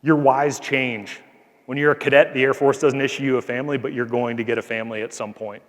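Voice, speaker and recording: A man's voice: medium pitch, level tone, fairly quick. A man, an Air Force colonel, giving an earnest, conversational talk to cadets, sharing a story from his time as a squadron commander. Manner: earnest, conversational, frequent "like" fillers. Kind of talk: motivational speech with anecdote. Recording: long hall reverb.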